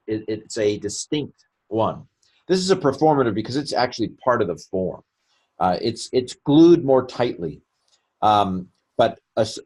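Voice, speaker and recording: A man's voice: fairly low pitch, darkish tone, slightly rough. A man teaching a recorded grammar lecture, chatty and self-mocking, thinking aloud as he explains and adding joking asides.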